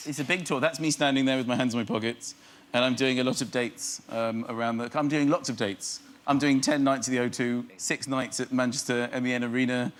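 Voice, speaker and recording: A man's voice: medium pitch, fairly quick. A middle-aged man, a comedian guest on a chat show, telling rambling comic anecdotes. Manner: rambling, animated storytelling with laughs. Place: TV studio with live audience.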